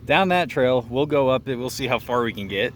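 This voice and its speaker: A man's voice: mid-range voice, animated, fairly quick, a bit bright. Young man, out of breath, laughing storyteller, outdoor trail, handheld camera, faint background noise. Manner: laughs often while telling the story. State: out of breath from hiking. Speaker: vlogger. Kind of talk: casual storytelling vlog.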